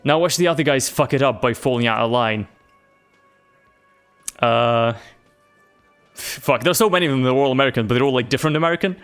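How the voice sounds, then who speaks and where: A man chats casually while streaming a game. He reads the on-screen narration aloud in an everyday voice of middle pitch, and faint music plays behind him. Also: brisk, pauses often, fairly bright tone, clear, resonant tone.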